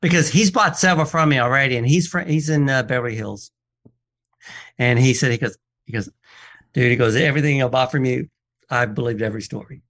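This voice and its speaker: He talks fairly quickly in a medium-pitched voice. A guest watch appraiser on an easygoing radio show, he tells lively stories, performs the people in them, quotes their dialogue, and restarts his sentences a lot.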